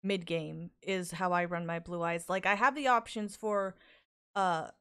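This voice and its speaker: Low-voiced woman chatting casually. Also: unhurried, fairly bright tone, smooth. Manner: hesitant, with fillers and restarts. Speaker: podcast guest. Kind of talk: casual podcast chat.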